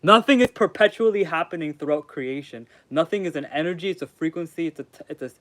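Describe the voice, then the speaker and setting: A man's voice: a little high, fast talker, fairly bright tone, no echo. A young man streaming live, rambling casually as he reads and answers chat in slangy talk. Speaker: streamer reading aloud. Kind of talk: casual livestream commentary.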